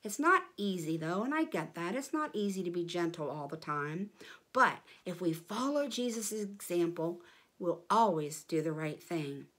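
A woman's voice: lowish voice, expressive, normal speed, a bit bright. A woman leading a children's church lesson, speaking in an encouraging way to kids.

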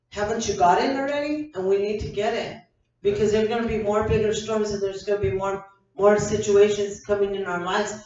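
A woman's voice: mid-range voice, darkish tone. An older woman pastor preaching an evening sermon, fervent and repetitive, often restarting her phrases. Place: church sanctuary. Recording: echoey hall from a distant mic, dull sound.

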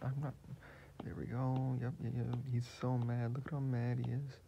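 A man's voice: medium pitch, steady tone, unhurried, vocal fry. A man chatting casually about what he is drawing, rambling and joking as he goes. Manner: rambling, jokey. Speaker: video creator. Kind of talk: casual narration while drawing. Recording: muffled lo-fi recording with hiss.

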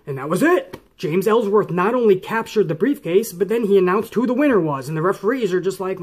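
Pissed off guy ranting about wrestling, high voice, swears nonstop. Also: lively intonation, brisk, hardly any pauses, husky. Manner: angry, swearing, mocks referees in put-on voices. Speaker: wrestling commentary host. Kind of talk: profane ranting commentary.

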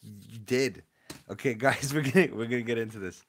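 A young man hosting a casual livestream from his room at home, chatting in relaxed slang and jumping from quiet mumbles to sudden loud yells. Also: medium pitch, moderate pace, slightly rough. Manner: laid-back slangy banter with chat. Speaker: livestream host opening card packs.

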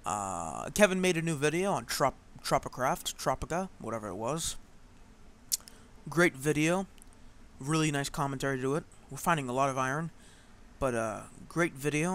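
A man's voice: medium pitch, fairly bright tone. A man hosting a game play-through, chatting in a rambling way with many fillers. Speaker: gaming channel host. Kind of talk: let's play commentary.

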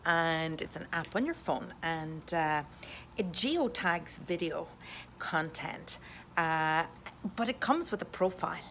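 Upbeat woman realtor, lowish voice. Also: lively intonation, slow, creaky, a bit bright, slight background noise. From Europe. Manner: enthusiastic and positive, with many "uh" fillers. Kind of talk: upbeat video update to followers. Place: indoors at home. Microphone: USB desktop condenser microphone.

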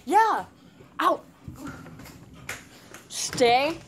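A young woman with a high, animated voice vlogs casually at her house, both indoors and outside, drawing out her words. She's playful and teasing, tossing out trash talk over crowd noise.

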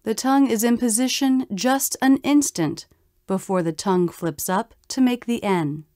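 A woman teaching pronunciation in slow, careful scripted narration, demonstrating vowel sounds. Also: a little high, warm tone, no room sound, studio quality.

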